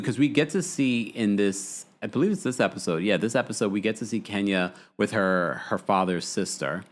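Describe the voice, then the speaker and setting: Chatty, animated male livestream host. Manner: chatty and animated, laughs often, swings his pitch up for emphasis. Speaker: host reading live chat. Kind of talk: casual livestream recap of a reality show.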